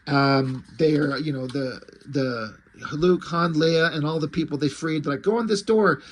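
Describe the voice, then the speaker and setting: A man's voice: on the high side, fairly even intonation, measured pace, slight background noise. Casual, swearing comic reviewer, man. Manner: casual and profane, with many fillers. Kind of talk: casual chat.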